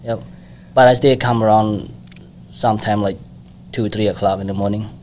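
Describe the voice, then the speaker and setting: Relaxed lower-voiced man. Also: normal speed, a little hiss or hum. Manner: simple non-native English, relaxed and friendly. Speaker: donut shop owner. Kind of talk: casual interview.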